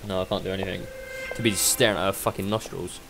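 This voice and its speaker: A man's voice: low-pitched, fairly even intonation, fast talker, creaky, heavy background noise. A man giving crude, sarcastic let's-play commentary and talking back to the game. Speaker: gaming YouTuber. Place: dark room at home. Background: game music and sound effects.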